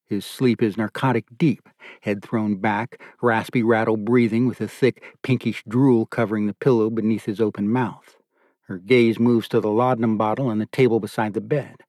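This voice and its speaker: A man giving a calm, measured scripted narration of a novel. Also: medium pitch, dry recording, studio quality. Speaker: audiobook narrator.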